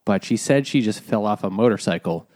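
A man's voice: fairly low pitch, lively intonation, a little fast, darkish tone. A man in a casual book chat, retelling scenes with frequent chuckles.

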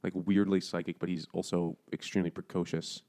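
A man's voice: low-pitched, little pitch movement, a little fast, a little mellow. A man co-hosting a casual podcast, joking around and laughing often. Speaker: podcast co-host. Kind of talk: casual chat over beers.

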